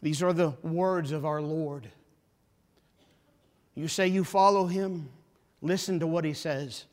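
Guy preaching a sermon, fired up, repeats stuff for punch, voice on the high side. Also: fairly even intonation, slow pace, long pauses. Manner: impassioned preaching, rising to forceful emphasis; repeats phrases for emphasis. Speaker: pastor.

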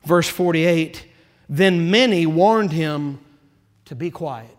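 Preacher guy giving a sermon, gets loud and fired up then goes quiet, kinda high voice, big hall echo. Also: slow pace. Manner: preaching with rising, impassioned build-ups and soft, hushed drops. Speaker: pastor.

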